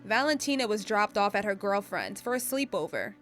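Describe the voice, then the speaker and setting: A woman giving scripted narration for a documentary profile, with a smooth and measured delivery. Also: mid-range voice, very animated, fairly bright tone, faint music behind.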